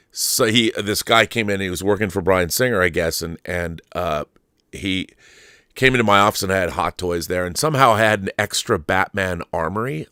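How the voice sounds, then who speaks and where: Middle-aged guy rambling thru a story, kinda low voice, dry sound. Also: pushed and bright, smooth, no room sound. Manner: rambling, self-interrupting, amused. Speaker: show host. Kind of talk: casual storytelling monologue.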